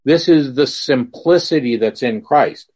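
A man preaching a sermon in a slow, earnest way, telling stories with quoted dialogue to make his point. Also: mid-range voice, a little mellow, husky. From Mississippi.

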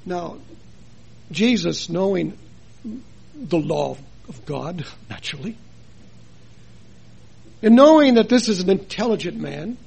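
Gravelly, husky-voiced man preaching a sermon. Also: high-pitched, lively intonation, takes it slowly, long pauses. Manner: earnest, rhetorical questions, dramatic swings in loudness. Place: chapel.

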